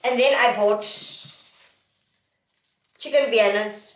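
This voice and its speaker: A woman's voice: fairly high pitch, animated, slow, pauses often, fairly bright tone, distant mic. A young South African woman vlogging casually, playful and sing-song as she talks to her viewers. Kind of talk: casual haul vlog. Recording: echoey room, a little off mic.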